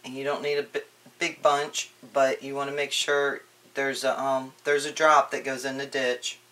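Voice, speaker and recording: A woman giving a casual crafting tutorial, chatty and relaxed, with frequent ums and restarts. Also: a bass voice, normal speed.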